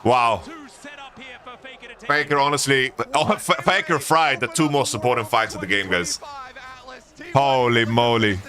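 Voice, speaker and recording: A man streaming a live esports watch-along, commenting excitably and breaking into loud exasperated rants. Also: medium pitch, a little slow, pauses often, soft background music. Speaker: streamer co-casting a match.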